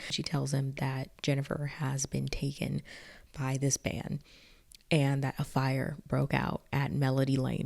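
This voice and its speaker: A woman's voice: a bass voice, gravelly, warm tone. A woman hosting a casual film recap video, chatty and jokey, with "like" sprinkled all through her talk. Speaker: video essay host.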